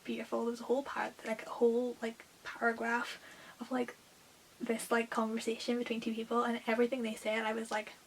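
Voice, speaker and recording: A woman's voice: on the high side, monotone, brisk, low-quality recording. A young woman chatting casually about books she read, with lots of filler words. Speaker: book vlogger. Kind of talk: casual book review chat. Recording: faint hiss.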